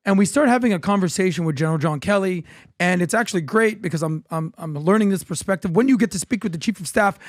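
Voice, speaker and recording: A co-host on a political podcast, he has a high voice and a quick pace. His lively stories come with acted-out dialogue, recorded dry at studio quality.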